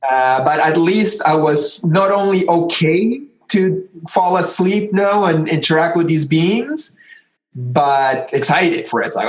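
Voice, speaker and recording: A man's voice: fairly high pitch, lively intonation, normal speed, reverberant, rough recording. A man, a podcast guest, telling a long story casually, rambling with many fillers and acting out the voices of the people in it.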